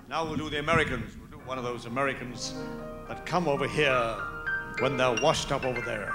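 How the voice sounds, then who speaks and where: A man's voice: medium pitch, brisk, over music. A man doing stand-up comedy on a theatre stage in a zany, silly way. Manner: zany, jumps between silly voices.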